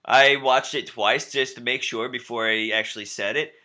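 A man's voice: mid-range voice, steady tone, moderate pace, bright, forceful tone. A man co-hosting a wrestling podcast, chatting casually and enthusiastically, often restarting his sentences. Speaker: podcast co-host.

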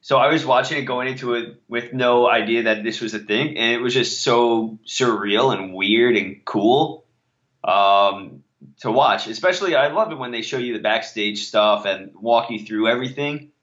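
A man co-hosting a casual podcast, talking haltingly with many fillers and chuckles. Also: medium pitch, a bit bright. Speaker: podcast co-host. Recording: dull lo-fi sound.

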